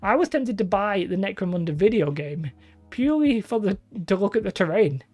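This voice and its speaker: A woman's voice: medium pitch, lively intonation, fairly quick, darkish tone, faint music behind. A woman hosting a live stream, chatting casually and rambling as she reads out viewers' comments. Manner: rambling, chatty, self-deprecating.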